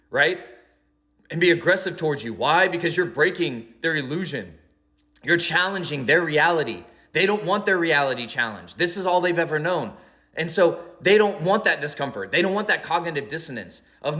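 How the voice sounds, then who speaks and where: A man's voice: on the high side, expressive, a little fast, sharp tone. A young man in a rambling, emphatic philosophical monologue, peppering his talk with "like" and "right?". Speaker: spiritual commentator.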